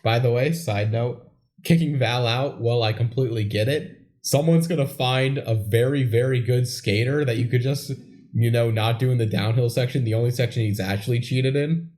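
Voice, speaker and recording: A man's voice: mid-range voice, moderate pace, darkish tone. Wry man co-hosting a podcast. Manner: wry, joking side comments. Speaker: podcast co-host. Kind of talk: casual movie recap chat.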